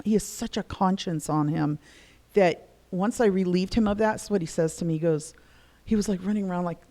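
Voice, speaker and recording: Middle-aged woman guest, chatty storyteller who plays out the voices she quotes. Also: fairly low pitch. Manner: animated, acts out quoted voices. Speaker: guest discussing spirituality. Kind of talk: casual storytelling conversation.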